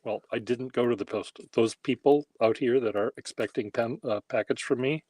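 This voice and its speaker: A man's voice: mid-range voice, normal speed, darkish tone, slight background noise. A man hosting a handwriting workshop, rambling casually in a wry, self-deprecating way while he demonstrates. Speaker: pen workshop host.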